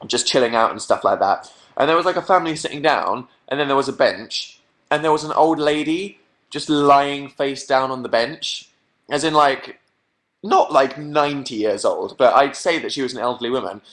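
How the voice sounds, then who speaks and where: A man's voice: mid-range voice, normal speed, a bit bright. A man hosting a casual live stream from home, chatting in a rambling, self-mocking way into a webcam mic.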